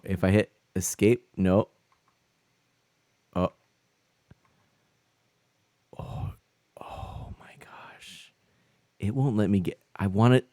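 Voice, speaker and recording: Flustered, animated male streamer. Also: medium pitch, dry recording, clean studio sound. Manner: flustered, laughing and exclaiming often. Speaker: game streamer. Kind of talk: live-stream chat with viewers.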